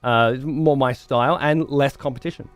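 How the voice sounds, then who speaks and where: A man's voice: medium pitch, fairly even intonation, normal speed, dry recording. A man livestreaming, chatting to viewers in a rambling, profane way and repeating words as he thinks. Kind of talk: casual chat to stream viewers.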